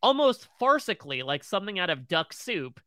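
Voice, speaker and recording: A man's voice: sits high, very animated, fairly quick, bright, forceful tone, no room sound. A man co-hosting a TV recap podcast, retelling scenes in close detail. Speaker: podcast co-host.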